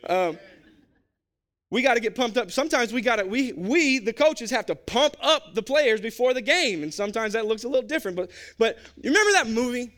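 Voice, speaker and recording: Bright-toned male pastor, casual and animated, pitch swinging wide. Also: fairly quick. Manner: animated, conversational, jokey. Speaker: pastor and basketball coach. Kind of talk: sermon.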